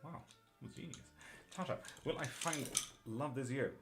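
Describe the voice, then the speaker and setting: A man's voice: medium pitch, moderate pace, music in the background. A man with a patchy mixed Irish-British accent, chatting casually on a live tarot stream, swearing offhand and laughing as he reads out viewers' messages. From Sweden. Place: home streaming setup in England.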